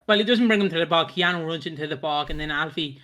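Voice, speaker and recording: A man's voice: fairly high pitch, fast, pushed and bright. A man hosting a podcast, chatting in a rambling, sweary, giggly way. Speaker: podcast host. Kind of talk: casual chat recapping a soap.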